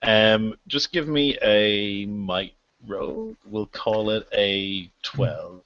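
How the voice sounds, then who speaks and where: A man running a tabletop game in loose, filler-laden narration. His voice sits low and sounds dry and close. The audio is dull and lo-fi, like a voice call. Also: drawn-out words, fairly bright tone, no room sound. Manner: casual, filler-heavy narration with laughs. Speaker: game master.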